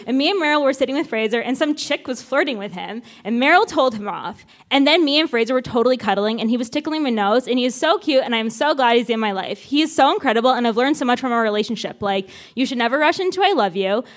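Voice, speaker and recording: A woman's voice: a little high, expressive, fast, few pauses. A woman reading her teenage diary aloud at a live show, with a wry, playful delivery. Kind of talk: reading old diary entries aloud on stage. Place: live show with audience laughter.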